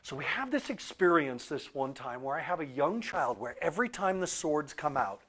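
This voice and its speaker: A man telling a story in a talk about archetypes, animated, with loud peaks and quiet asides. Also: a little high, normal speed. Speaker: author and speaker on archetypes.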